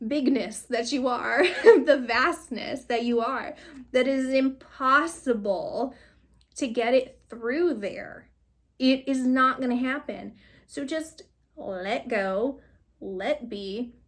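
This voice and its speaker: A woman with a slightly high voice reads tarot cards in a loose, chatty way. She rambles and circles back to her points, encourages the listener warmly through her words and keeps laughing as she goes. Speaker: tarot reader. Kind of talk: casual spiritual card reading.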